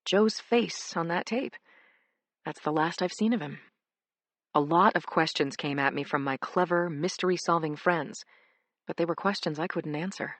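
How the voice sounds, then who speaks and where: Brief: woman audiobook narrator, lowish voice, close and dry recording, measured dramatic delivery. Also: dry recording. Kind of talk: first-person crime thriller narration.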